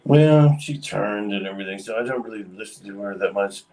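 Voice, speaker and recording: A man's voice: lowish voice, a little fast, dark tone, far from the mic, low-quality recording. A man casually telling a long story on a livestream, rambling with lots of fillers. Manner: rambling, many fillers, acts out quoted voices.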